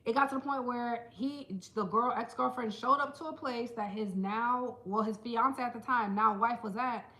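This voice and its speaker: A woman's voice: on the high side, fairly even intonation, moderate pace, sharp tone. A woman vlogging casually to camera, chatty and playful, calling her viewers "girl" and "child,". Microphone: small handheld camera.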